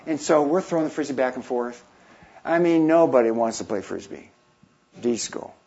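A man in his fifties with a husky voice tells a long personal story with lively energy. He slips into the voices of the people he quotes. The recording is dull and lo-fi. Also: mid-range voice, normal speed. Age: 50s. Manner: animated anecdote-telling, acting out quoted voices. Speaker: missionary. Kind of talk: storytelling talk.

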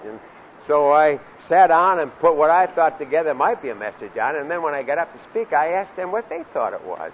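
An older man preaching a sermon, swinging between loud emphatic lines and low asides, and leading the congregation in reciting scripture. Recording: dull lo-fi sound with faint hiss.

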